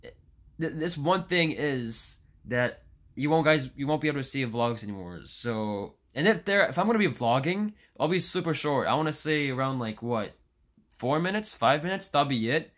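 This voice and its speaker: A young man in his late teens talks straight to his viewers in a casual vlog rant. He sounds fed up, circles back over the same points, restarts his sentences and swears freely. His voice sits at an ordinary middle pitch for a man. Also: animated, normal speed, a bit bright. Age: young adult. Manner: frustrated, rambling with restarts and frequent swearing. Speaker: YouTuber.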